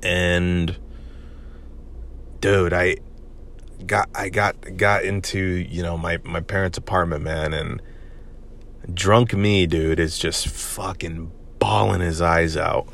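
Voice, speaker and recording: A young man hosts a solo confessional podcast, rambling candidly with lots of "man" and "you know". His low voice is steady, creaky, and fairly bright in tone, moving slowly with long pauses.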